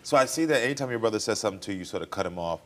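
A man hosting a daytime talk show, asking probing but gentle questions. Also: on the low side, animated, racing.

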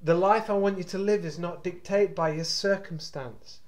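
A man's voice: sits high, normal speed. A male pastor giving a devotional sermon, preaching with passion and urgency and repeating his phrases.

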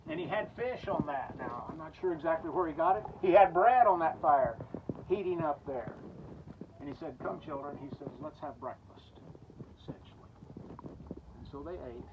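A man's voice: on the high side, expressive, moderate pace, narrow, tinny audio. Folksy man preaching outdoors at a graveside. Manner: folksy storytelling, voices the characters' lines. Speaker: pastor at a graveside service. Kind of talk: graveside sermon retelling scripture. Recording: distant outdoor mic with clear background noise.

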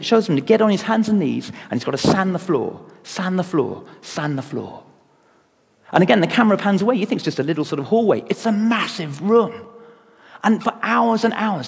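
A man giving a sermon, telling a story with lively acted-out voices. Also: fairly high pitch, gravelly. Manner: animated storytelling, acts out voices. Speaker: preacher. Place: church. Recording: long church reverb.

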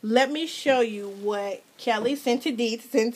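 A mother filming a casual unboxing vlog at home, gushing and excitable, her voice jumping to squeals when she is thrilled. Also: fairly high pitch, measured pace, husky. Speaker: mother and hobby vlogger. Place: home with children nearby.

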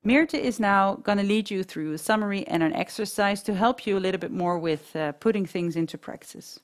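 Woman therapist, calm explainer, webinar lesson. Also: medium pitch, a little fast. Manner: calm, explains with acted example dialogues. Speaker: therapist leading a masterclass.

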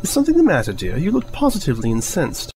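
A man's voice: on the high side, huge pitch swings, quick pace, a little mellow, slight background noise, pitched above the performer's own voice. A man voicing a refined, fussy female pony with a prim, genteel way of speaking. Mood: concerned.

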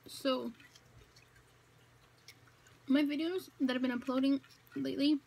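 A woman's voice: sits high, steady tone, a little slow, gravelly, a little mellow, rough recording. A young woman chatting casually to her viewers at home in an eat-with-me vlog, rambling with fillers and correcting herself as she goes. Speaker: vlogger. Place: home, indoors.

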